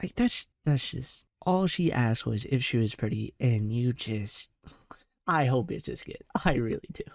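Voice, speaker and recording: A man's voice: mid-range voice, lively intonation, measured pace, gravelly, a little mellow, no echo, studio quality. A young man in reaction commentary, ranting with exasperated, profane and slangy outbursts. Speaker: commentary host.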